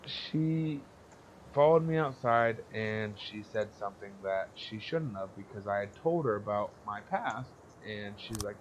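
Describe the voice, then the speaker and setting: A man's voice: on the low side, animated, a little slow, dull audio, a little hiss or hum. A young man casually telling a story on a podcast, blunt and profane, rambling and laughing as he goes. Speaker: podcast co-host.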